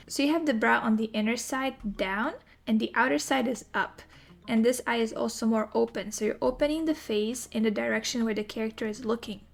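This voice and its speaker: A woman teaching animation in a recorded tutorial, explaining in a clear, methodical way. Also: fairly high pitch. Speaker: animation instructor.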